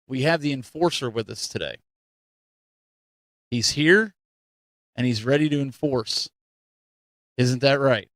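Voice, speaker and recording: A man at mid pitch hosting a casual chat show, upbeat and animated in his delivery. He talks close to the mic in a dry room. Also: unhurried, pauses often, dry recording. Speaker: host.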